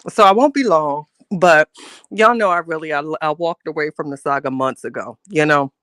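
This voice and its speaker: A woman's voice: low voice, moderate pace, fairly bright tone, dry recording. A chatty middle-aged woman, hosting a casual live stream and greeting viewers with pet names. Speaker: livestream host greeting chat.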